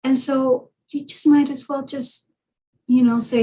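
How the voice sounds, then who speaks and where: A woman's voice: high voice, level tone, a little slow, warm tone, poor audio. A woman, a guest on a video call, talking reflectively through a personal story with frequent restarts. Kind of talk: casual conversation.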